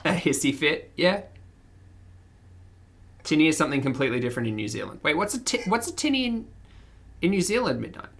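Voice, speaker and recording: A woman's voice: low-pitched, very animated, brisk, pauses often. An Australian woman with a mild accent, chatting casually with her livestream audience and laughing often as she reads the chat. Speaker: streamer.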